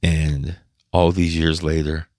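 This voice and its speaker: Deep-voiced man, halting and emotional. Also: flat delivery, darkish tone, no room sound, clean studio sound. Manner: halting and emotional, with frequent restarts and swearing. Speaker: podcast host. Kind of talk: casual personal storytelling.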